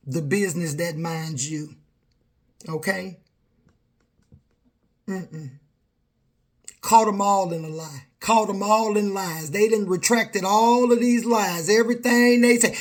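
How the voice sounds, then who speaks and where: A woman's voice: medium pitch, moderate pace. A middle-aged woman, speaking straight to camera in an emphatic, confrontational rant full of repeated lines. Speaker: vlogger.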